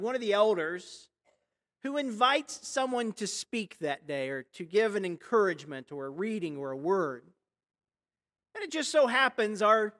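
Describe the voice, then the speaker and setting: Storytelling preacher with dramatic swings. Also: medium pitch. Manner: conversational storytelling with rhetorical questions; big swings between hushed and loud. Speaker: pastor. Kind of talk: sermon.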